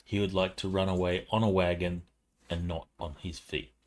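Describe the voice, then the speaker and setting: Male player, very low voice, measured narration of his character. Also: level tone. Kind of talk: casual tabletop play.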